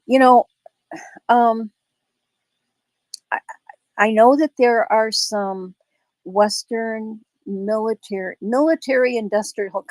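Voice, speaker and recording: Lady host, slow and rambly, lowish voice, really dry sound. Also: dry recording. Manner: rambling and thoughtful, many fillers. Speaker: host of a live audio space. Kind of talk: casual chat.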